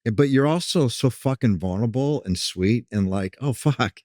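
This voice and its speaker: A man's voice: mid-range voice, animated, normal speed, warm tone, dry recording, clean studio sound. A man hosting a casual interview, effusive and profane as he praises his guest and asks questions. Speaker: podcast host.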